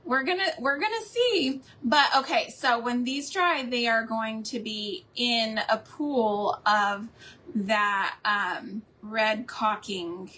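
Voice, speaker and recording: A woman's voice: a little high, takes it slowly, pushed and bright. A woman hosting a live crafting stream from her home, chatting in a rambling way and laughing often. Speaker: craft livestream host. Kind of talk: casual chat while crafting live.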